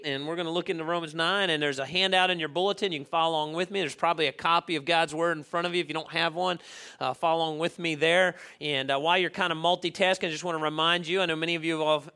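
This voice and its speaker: Middle-aged pastor guy preaching, chatty then fired up, high bright voice. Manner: conversational, building to emphatic preaching. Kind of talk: sermon.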